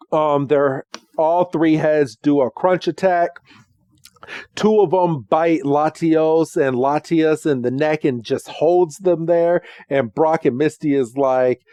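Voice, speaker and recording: Slow-talking man recapping a cartoon episode. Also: a little high, dark tone, no echo. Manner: chatty, with frequent ums and quick acted quotes. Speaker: podcast host.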